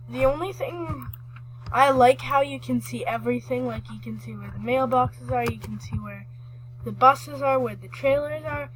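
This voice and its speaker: A woman giving chatty, excitable commentary while playing a horse game, rambling and restarting her sentences. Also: sits high, slight background noise, poor audio. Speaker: gaming vlogger.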